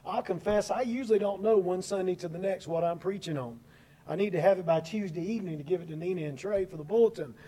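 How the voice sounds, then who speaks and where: Male pastor, high-pitched, warm and mellow tone, earnest sermon delivery with emphatic slowed phrases. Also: poor audio. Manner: earnest, emphatic, slows down on key words. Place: church sanctuary.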